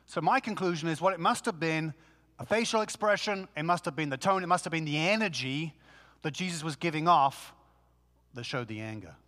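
A man preaching a sermon in a conversational, animated way, full of rhetorical questions. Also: fairly high pitch, fairly quick, in a large hall. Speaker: pastor.

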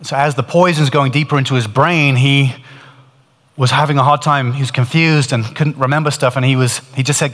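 Earnest male preacher, mid-pitched, storytelling sermon; long reverb of a hall. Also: steady tone, fairly quick, fairly bright tone. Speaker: preacher retelling a testimony.

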